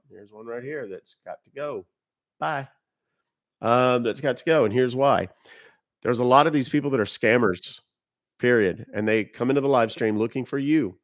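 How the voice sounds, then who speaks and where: A man's voice: mid-range voice, no echo, clean studio sound. A man hosting a live stream, talking casually to viewers and giving blunt, emphatic warnings. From United States. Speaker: livestream host. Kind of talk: casual livestream talk to viewers.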